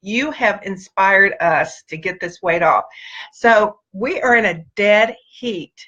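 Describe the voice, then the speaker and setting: A woman's voice: mid-range voice, takes it slowly, bright, forceful tone, dull audio. A middle-aged woman hosting a casual live video chat, greeting viewers by name in an upbeat, gushing way. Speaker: host.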